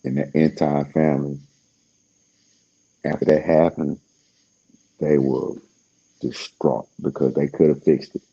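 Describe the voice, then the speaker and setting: A man's voice: a bass voice, flat delivery, a little slow, gravelly, long pauses, mellow, breathy edge, dull audio. A man talking in a casual, rambling monologue, laid-back and slangy, trailing off with fillers as he searches for words.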